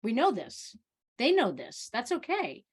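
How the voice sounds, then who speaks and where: Animated woman hosting a video-call Q&A. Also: a little high, measured pace, breathy edge. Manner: animated, restarts and repeats words often. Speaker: doctor of Oriental medicine hosting a Q&A. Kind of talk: casual live Q&A talk.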